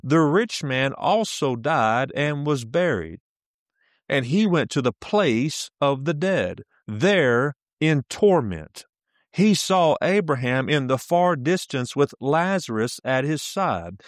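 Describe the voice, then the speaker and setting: A man preaching a sermon, who often repeats himself, checks in with his listeners and slows down for emphasis. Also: fairly high pitch, lively intonation, dry recording, studio quality. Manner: repetitive, checks in with "all right?".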